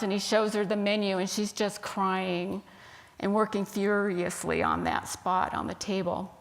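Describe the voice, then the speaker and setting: A woman minister narrates a story to her congregation in a soft, unhurried manner. Her pitch sits in a middling range. The telling has a gentle sermon pace. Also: little pitch movement, gravelly.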